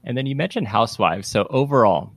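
A man's voice: medium pitch, lively intonation, fast talker, no echo. A man co-hosting a podcast, putting short, easygoing questions to a guest. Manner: brief, easygoing prompts. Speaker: podcast co-host. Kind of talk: casual interview questions.

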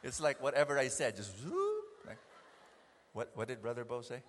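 A man preaching a sermon, animated, acting out scenes and often restarting his sentences. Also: mid-range voice, moderate pace, long reverb tail, a little hiss or hum.

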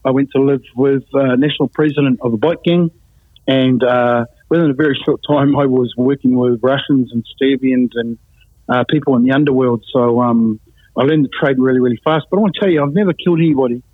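A man with a medium-pitched, steady voice speaks briskly as an interview guest, giving a blunt, matter-of-fact account of his life as personal testimony. The recording is dry and tinny, like a phone.

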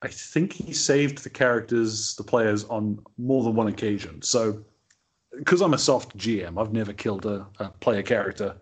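A man's voice: on the low side, normal speed, breathy edge. A man being interviewed on a podcast as a game master, chatting in a wry, self-deprecating way. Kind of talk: casual chat.

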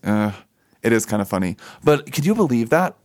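A man telling a personal story in casual chat, animated, laughing often and full of fillers. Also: mid-range voice, fairly quick.

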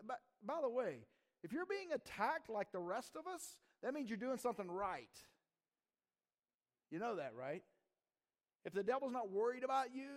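High-voiced man preaching with animated energy. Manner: animated, conversational, acts out scared voices. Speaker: pastor. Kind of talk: sermon.

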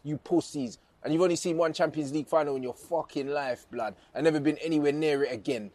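A man's voice: on the high side, fast, darkish tone, no room sound. A man with a slightly raised voice, talking casual football banter. He is scornful and taunting, with a lot of swearing and slang. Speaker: podcast co-host.

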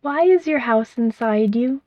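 A woman's voice: fairly high pitch, lively intonation, dry recording. Woman voicing a huge cooing owl. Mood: curious. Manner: cooing, unhurried, philosophical. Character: huge female owl, predatory, calm, wry. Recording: dull, dry recording.

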